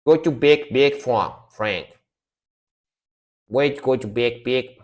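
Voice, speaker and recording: A man chatting casually on a music reaction live stream, laid-back and rambling, often trailing off quietly. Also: mid-range voice, slow.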